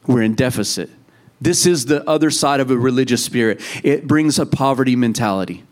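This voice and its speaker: A man's voice: mid-range voice, fairly quick. A man preaching a sermon to a congregation in a conversational way, acting out the voices of the people in the story. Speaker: pastor.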